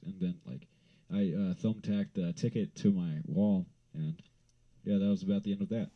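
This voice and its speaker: A man's voice: sits low, fairly even intonation, moderate pace, warm tone, highs cut off. A man from Wyoming rambling through a story in a laid-back, swearing way, full of fillers. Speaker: vlogger.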